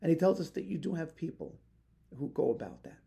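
A man's voice: a little high, very animated, fairly quick, creaky, dark tone. A man, a rabbi, teaching a Torah lesson with passion, weaving Hebrew phrases into his English and building to emphatic peaks.

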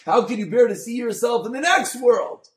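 A man, a rabbi, giving a Torah class on a Mussar text, mixing Hebrew terms into English and swinging from soft to loud. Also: extremely high pitch, normal speed, echoey room. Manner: expressive, dynamic delivery, swings from soft to loud.

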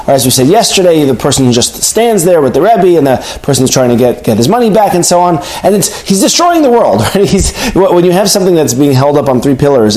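A man delivers a daily Torah lesson in a relaxed, conversational way. His voice sits a little high and moves a great deal in pitch, jumping up on rhetorical questions. He slips Hebrew terms into everyday talk. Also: rough recording. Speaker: rabbi teaching a daily lesson. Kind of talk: casual spoken Torah lesson.

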